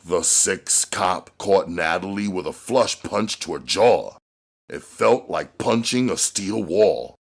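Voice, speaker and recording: A man narrating an action novel aloud in a measured way that climbs on dramatic moments. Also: sits low, animated, gravelly, breathy edge. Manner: measured, rising on action beats. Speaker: audiobook reader.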